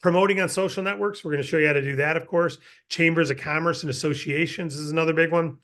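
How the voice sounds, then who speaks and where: A middle-aged man giving a casual, energetic sales training and acting out sample pitches. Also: fast talker. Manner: energetic, acts out sales scripts.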